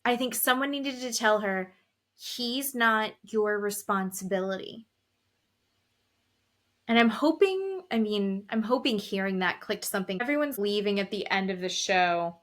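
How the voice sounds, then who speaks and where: A woman podcast host recapping reality TV in casual chat, animated and swearing freely. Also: medium pitch. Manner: animated retelling with acted quotes, swearing.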